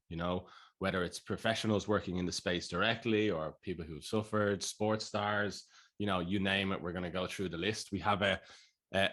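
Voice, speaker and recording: This podcast co-host is an Irish man with a deep but fairly bright voice. He chats casually and spins rambling, jokey stories.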